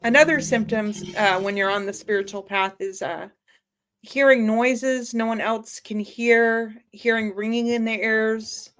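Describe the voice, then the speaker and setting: Slow-speaking woman reading out list items. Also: fairly high pitch, fairly bright tone. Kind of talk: casual chat.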